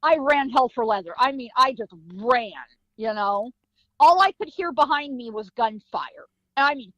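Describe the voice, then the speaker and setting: A woman with a high voice tells a story in a guest interview, acting out sounds and voices. The recording is dry and a bit dull. Her telling is lively and full of drama. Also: moderate pace, no room sound. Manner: vivid storytelling with sound effects and acted quotes. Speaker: guest, psychic medium and author.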